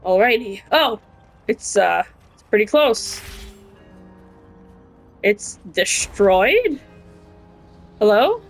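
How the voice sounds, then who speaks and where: A woman's voice: medium pitch, very animated, extremely slow, long pauses, faint music behind. A young woman casually chatting and muttering to herself while playing a game, now and then swearing. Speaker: gaming streamer. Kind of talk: casual gameplay commentary.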